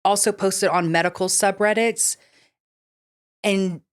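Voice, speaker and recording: A woman co-hosting a casual paranormal podcast, animated and swearing casually, reading online stories aloud. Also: mid-range voice, slow. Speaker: podcast co-host.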